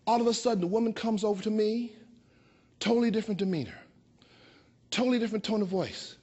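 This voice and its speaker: Older man telling a lively personal story. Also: sits high, husky. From Chicago. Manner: expressive, playful, slows for emphasis. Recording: dull lo-fi recording.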